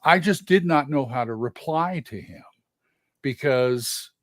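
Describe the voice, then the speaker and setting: A man's voice: medium pitch, expressive, unhurried, fairly bright tone, no echo, studio quality. A man co-hosting a casual gaming livestream, rambling and hesitant, careful not to stir up trouble. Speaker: livestream co-host. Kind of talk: casual chat.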